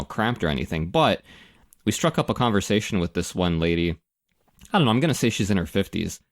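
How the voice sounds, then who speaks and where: A man from Canada, a podcast host telling stories in casual chat, lively and quick to mimic others. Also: deep voice, dry recording, studio quality. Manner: animated storyteller, jumps into mocking voices.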